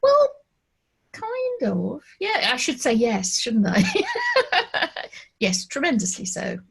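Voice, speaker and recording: A woman's voice: a little high, wildly swooping pitch, a little slow, creaky, breathy edge. Chatty woman from Liverpool hosting. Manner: chatty, laughing, self-deprecating. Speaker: host. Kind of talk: live video chat interview. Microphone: video call.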